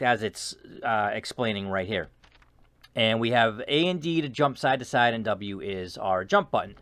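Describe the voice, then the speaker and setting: A man giving rambling, joking gameplay commentary, excitable and chatty. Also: mid-range voice, dry recording. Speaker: gaming video host.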